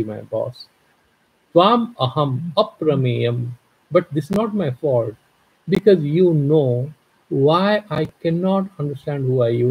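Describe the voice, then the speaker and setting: A man's voice: mid-range voice, gravelly, a little mellow, breathy edge, low-quality recording. A man teaching a scripture class, explaining verse by verse and acting out little dialogues in a playful way. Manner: explains verse by verse, mixing Sanskrit and Hindi with English.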